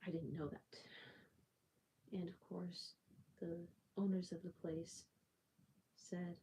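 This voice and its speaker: Female livestream host, low and mellow, unhurried, rambling and soft-spoken, with frequent fillers and restarts. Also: little pitch movement, a little hiss or hum, poor audio. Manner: rambling, many fillers and self-corrections; soft-spoken, drifts into near-whispers. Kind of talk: casual storytelling.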